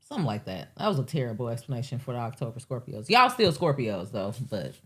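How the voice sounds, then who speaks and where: Low-voiced woman riffing casually on a live show. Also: fast. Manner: rambling, profane, animated asides with acted quotes. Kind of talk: casual live-stream monologue.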